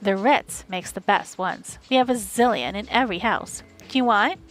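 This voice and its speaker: A woman reading an audiobook, voicing a pushy, self-absorbed rich young woman in a slow drawl. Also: mid-range voice, soft background music, lightly acted, low-quality recording.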